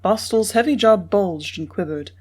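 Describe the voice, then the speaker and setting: A woman narrating a classic Western novel in a measured reading style. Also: medium pitch, darkish tone, husky. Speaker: audiobook narrator. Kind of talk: scripted narration.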